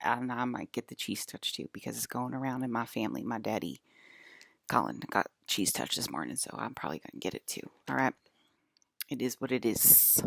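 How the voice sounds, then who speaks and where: Woman, vlogger, low voice, dry close sound, emphatic, repetitive, talks straight to viewers. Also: normal speed, creaky, fairly bright tone, no echo. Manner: emphatic, repeats herself, addresses viewers directly. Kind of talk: rambling casual monologue to viewers.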